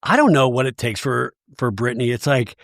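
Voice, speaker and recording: Man, podcast host, casual recap chat, animated, very expressive pitch. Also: fairly quick, vocal fry, dry recording, studio quality. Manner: animated, acts out quoted lines.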